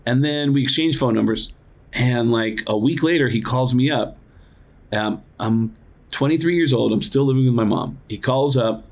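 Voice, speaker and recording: A male comedian and impressionist, a podcast guest, telling a story casually and acting out other people's voices. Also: moderate pace. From United States. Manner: animated, acts out voices with big pitch jumps; casual, lots of "like" and "dude". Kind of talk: storytelling in an interview.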